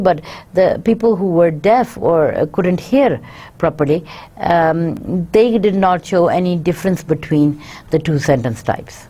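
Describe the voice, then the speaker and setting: This female lecturer reads out each point before paraphrasing it, often using fillers as she teaches a university class. She speaks in a warm, fairly low voice.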